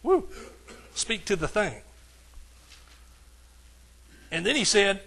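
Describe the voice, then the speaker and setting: High bright preacher. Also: male voice, animated, moderate pace, pauses often. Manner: emphatic preaching, swings from soft to hollering. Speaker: pastor. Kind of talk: sermon.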